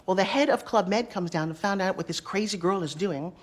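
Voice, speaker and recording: A middle-aged woman telling career stories in an interview, acting out the dialogue with quick asides. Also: medium pitch. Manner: lively, acts out quoted dialogue, quick asides. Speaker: interview guest. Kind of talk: animated storytelling.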